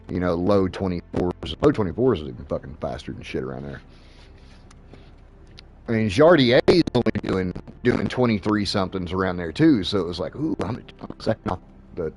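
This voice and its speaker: A man casually talking racing tips while playing a racing sim, swearing freely and laughing often. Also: sits low. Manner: profane, laid-back, laughs often. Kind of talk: casual gameplay commentary.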